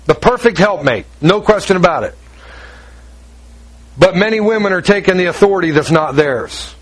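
Man, pastor, high-pitched voice, emphatic sermon, repetitive phrasing. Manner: emphatic, repetitive preaching with quick asides.

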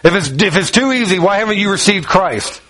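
A man preaching a sermon with a fairly high voice. He tells the story with lively energy, acting out each character's lines as he paces about. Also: a little fast, a little hiss or hum, rough recording. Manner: walks around while preaching.

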